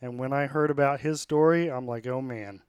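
A man's voice: mid-range voice, fairly even intonation, moderate pace, smooth, dry recording, dull audio. A man hosting a podcast, reading sponsor spots and chatting in an upbeat, rallying way. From United States. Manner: upbeat, rallying, plainspoken with fillers. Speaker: podcast host. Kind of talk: sponsor reads and casual interview.

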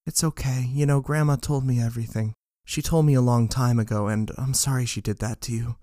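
A man doing a hushed, coaxing groom. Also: medium pitch, animated, normal speed, no room sound, studio quality, voice pushed up, close to an everyday voice. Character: softly soothing young man, the groom friend.

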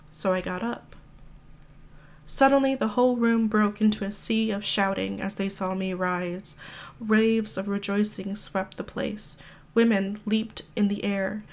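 Woman reading a memoir in an even voice. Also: medium pitch. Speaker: podcast reader. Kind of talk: reading a memoir excerpt aloud.

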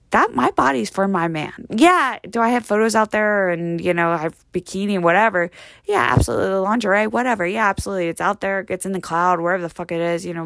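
A woman's voice: mid-range voice, creaky, dry recording. Brash rambling woman, dry close sound. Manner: brash, rambling, heavy on "like" and "you know". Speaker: comedic monologue performer. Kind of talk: profane comedic rant.

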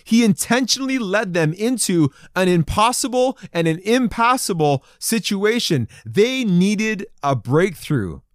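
A man preaching a sermon to a men's group, reading scripture and acting out the people's voices with lively emphasis. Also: high-pitched, a little slow, few pauses, no echo, studio quality. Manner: animated, acts out crowd voices in quotes. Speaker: pastor. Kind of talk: sermon to men.

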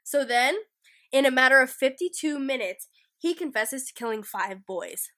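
A woman's voice: sits high, lively intonation, normal speed, pushed and bright. Chatty woman with a cough. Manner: rambling, filler-heavy retelling. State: sick, coughing between lines. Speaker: guest storyteller. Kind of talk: casual true-crime podcast chat.

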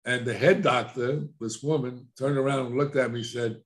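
A man's voice: medium pitch, fairly even intonation, normal speed. An older man, an addiction counselor, speaking plainly in a casual interview and telling stories with quoted dialogue.

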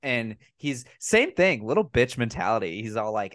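A man hosting a casual movie review podcast, recapping scenes in a profane, mocking, animated way. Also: medium pitch, moderate pace, dry recording, studio quality. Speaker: podcast host.

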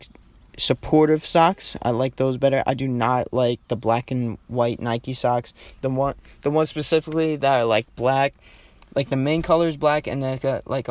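A man's voice: mid-range voice, a little mellow, no room sound. A teenage man hosting a casual solo podcast from his parked car, rambling and joking with lots of "like" and swearing. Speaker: podcast host.

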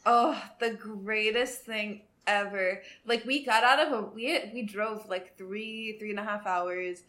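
A woman in her twenties co-hosting a podcast in casual chat, animated and swearing freely. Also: mid-range voice, a little slow. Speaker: podcast co-host.

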